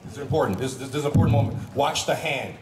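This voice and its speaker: A man on a live panel doing playful comic impressions of his castmates for an audience. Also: mid-range voice. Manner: playful, teasing, with quick vocal impressions. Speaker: actor on a convention panel. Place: large convention hall with an audience. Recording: echoey hall, crowd noise, distant mic.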